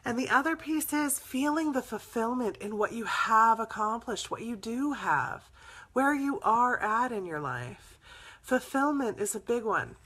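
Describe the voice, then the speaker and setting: A woman's voice: a little high, expressive, measured pace, sharp tone. A woman host telling stories in a casual, chatty way, laughing often as she talks. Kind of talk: casual storytelling chat.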